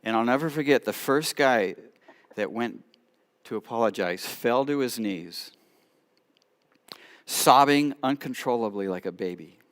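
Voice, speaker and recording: A middle-aged man telling stories in a sermon, lively, with sudden quiet asides. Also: medium pitch, unhurried, pauses often. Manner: animated storyteller, drops to quiet asides. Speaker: rabbi preaching at church. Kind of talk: sermon storytelling.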